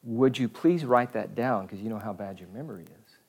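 A fussy, forgetful old husband on a porch who keeps nagging about memory, as a priest puts him on in a low, plain voice. Insistent and a bit fussy. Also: male voice, lively intonation, fairly quick, husky.

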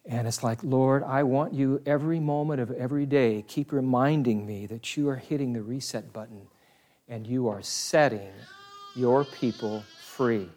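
A man preaching a sermon in an earnest, emphatic way, slowing down on key phrases and turning to the congregation with conversational asides. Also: mid-range voice, a little mellow.

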